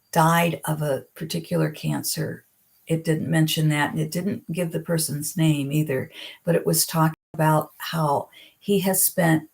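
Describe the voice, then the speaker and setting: Woman, middle-aged, lowish voice, earnest and gentle, reflective live-stream talk. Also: creaky. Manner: earnest, gentle, speaks slowly at heartfelt points. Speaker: psychic video host.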